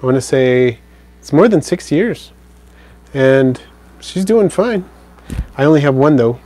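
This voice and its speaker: A man hosting a live stream, casually answering viewer comments in a relaxed, rambling way. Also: fairly high pitch, measured pace. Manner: relaxed, rambling, with fillers and self-corrections.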